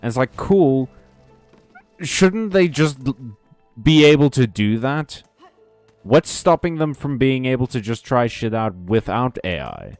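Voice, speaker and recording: A man's voice: mid-range voice, sing-song, a little slow, a little mellow, dry recording, soft background music. A man chatting casually on a game stream, rambling and ranting, often laughing between thoughts, talking close to a desk mic.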